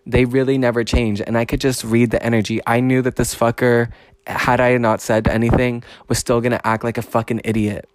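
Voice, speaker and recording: A man talks into a close mic in his casual podcast monologue, blunt and full of swearing. His voice sits at a medium pitch and climbs higher as he gets worked up. The sound is dry, with no room echo. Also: flat delivery, fairly quick. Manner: blunt, profane and emphatic, rising in pitch when fired up. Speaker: podcast host.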